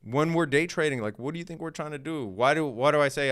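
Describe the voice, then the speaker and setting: A man runs a live day trading stream, talking quickly with few pauses in a fairly high, bright voice. His style is casual, slangy and laid-back, and he laughs often.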